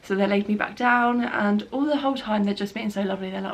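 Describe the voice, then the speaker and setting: A woman's voice: mid-range voice, steady tone, fast, creaky, hardly any pauses, a little hiss or hum. A young woman vlogging casually from home. She rambles a little and uses lots of filler words as she talks. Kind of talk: casual spoken update. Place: at home, by a bed.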